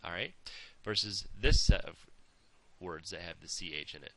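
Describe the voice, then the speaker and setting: A man's voice: deep voice, animated, moderate pace, creaky, pushed and bright. A man teaching pronunciation, patiently overemphasizing each sound in his demonstrations and checking in with "okay?" as he goes. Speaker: language teacher. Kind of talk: pronunciation lesson.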